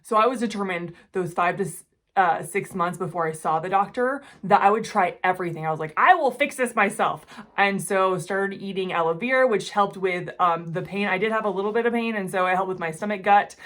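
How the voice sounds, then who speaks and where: A woman in her forties telling a personal story to the camera, earnest and emotional, often speaking quietly. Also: mid-range voice, brisk. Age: 40s. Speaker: jewelry-making channel host.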